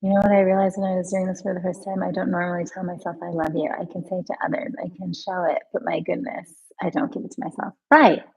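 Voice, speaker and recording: A woman teaching a live online healing lesson. She talks straight to her viewers, answers their comments, and repeats soothing healing phrases slowly and gently. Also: on the low side, flat delivery, slightly rough, rough recording. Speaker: emotional healing coach.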